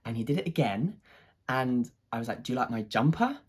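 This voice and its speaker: Telling a story from their own life, an artist speaks fairly quickly in a husky voice at mid pitch. The account wanders, full of fillers and false starts, yet it carries an eager, excitable wonder.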